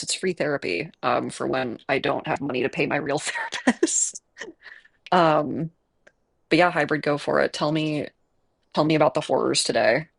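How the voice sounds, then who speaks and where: Chicago-accent streamer rambling along while gaming, lots of um and like, bit of fry in the voice. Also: mid-range voice. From Midwest United States. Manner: rambling and chatty, with many fillers and self-aware laughs. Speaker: game streamer. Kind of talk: casual live-stream chat while gaming. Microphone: earbuds with a desk mic setup.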